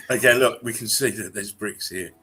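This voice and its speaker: A man hosting a casual live-stream chat, often bursting into high laughter. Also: bright, forceful tone, husky. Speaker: channel host.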